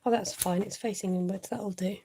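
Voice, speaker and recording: Woman, craft stream host, mellow voice, chatty and self-talking, casual live demo. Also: mid-range voice, steady tone, a little fast, creaky, breathy edge. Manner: chatty, thinks aloud, greets viewers, often laughs.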